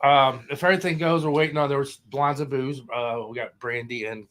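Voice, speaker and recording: A man's voice: medium pitch, steady tone, fairly quick, fairly bright tone. A man hosting a live paranormal podcast in an easy, rambling way. He talks casually, fumbles names now and then and laughs it off. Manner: loose, rambling, trips over guests' names. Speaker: podcast host. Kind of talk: casual live-stream chat.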